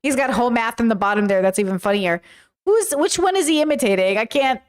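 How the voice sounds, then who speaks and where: A woman streamer with a fairly high, clean voice chats casually with her viewers while reacting to videos. Her intonation is lively and her pace quick, and she giggles, jokes, and laughs often as she talks to chat.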